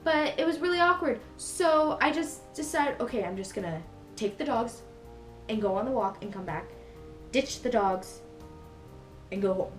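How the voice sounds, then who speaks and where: A woman's voice: on the high side, expressive, normal speed. A young woman vlogger telling a story in a casual, rambling way, full of fillers and self-corrections. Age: young adult. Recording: echoey room with faint music behind.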